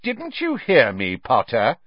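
A man's voice: mid-range voice, huge pitch swings, slow, no room sound, lo-fi sound, pitched above the performer's own voice, heavily acted. A man voicing a cold, sneering male schoolmaster.

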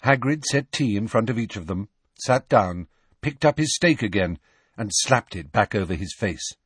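A man narrating a story with expressive storytelling. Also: lowish voice, normal speed, slightly rough, no echo. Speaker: audiobook narrator. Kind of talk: scripted narration.

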